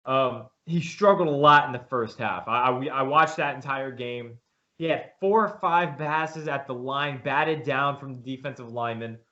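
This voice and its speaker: Emphatic bright-voiced man talking sports. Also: medium pitch, moderate pace. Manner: emphatic, rambling with repeated restarts. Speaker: podcast co-host. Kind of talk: casual sports chat. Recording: dull lo-fi sound.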